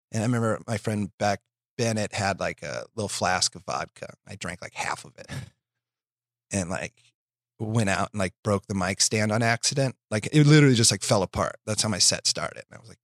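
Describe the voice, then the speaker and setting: A man's voice: fairly low pitch, brisk, fairly bright tone, no room sound, studio quality. A man in his thirties telling stories in a loose, profane, self-deprecating way as a guest on a chat show. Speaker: guest comedian. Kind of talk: casual storytelling chat.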